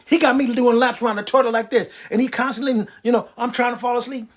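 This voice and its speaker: A man delivering a wisecracking, animated stand-up comedy monologue. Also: extremely high pitch, fast talker. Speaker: comedian and prostate cancer survivor.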